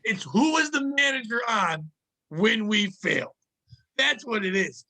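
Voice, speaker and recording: A man co-hosting a podcast, telling work stories in a casual, profane, animated way and acting out the people in them. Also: high voice, unhurried, poor audio. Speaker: podcast co-host. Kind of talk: casual storytelling chat.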